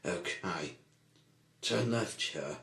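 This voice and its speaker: A man's voice: low voice, expressive, drawn-out words, gravelly, pushed and bright, slight background noise, full character voice. A man voicing menacing, sneering male diesel engines who kidnap a tugboat in a storybook reading. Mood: scheming. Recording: echoey room.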